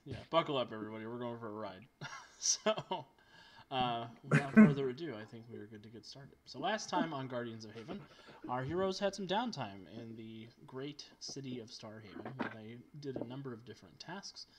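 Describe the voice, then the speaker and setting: A man's voice: mid-range voice, lively intonation, fairly quick, a loud crowd. A man serving as game master, upbeat and teasing as he recaps the last session of a tabletop game.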